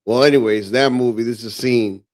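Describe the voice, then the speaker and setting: A man of middling pitch chats in a relaxed group setting. His speech is loose and full of profane slang. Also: a little fast. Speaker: podcast co-host. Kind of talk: casual group chat.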